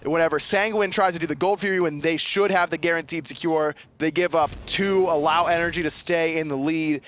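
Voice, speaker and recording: A man commentating live on an esports match, excitable and joking at his own expense. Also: fairly high pitch, brisk. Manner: excitable, joking, self-deprecating.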